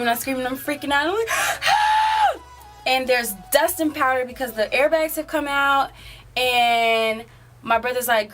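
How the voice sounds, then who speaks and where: A woman's voice: fairly high pitch, a bit bright. An eighteen-year-old woman telling a story in a casual, rambling way, filling it with "like" and "um". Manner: rambling, filler-heavy, often says "like". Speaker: vlogger.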